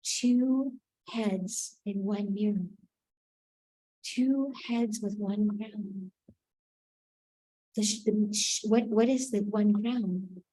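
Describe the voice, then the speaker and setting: A woman giving a reflective spiritual teaching, unhurried, often checking in with "right?". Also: medium pitch, fairly even intonation, dark tone, low-quality recording.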